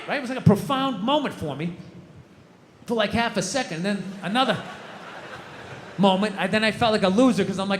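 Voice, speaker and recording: A man's voice: high voice, a little fast, long pauses, slight background noise. A man doing stand-up comedy on a large outdoor stage, ranting in an exasperated, profane way into a handheld mic. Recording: live outdoor show with reverb.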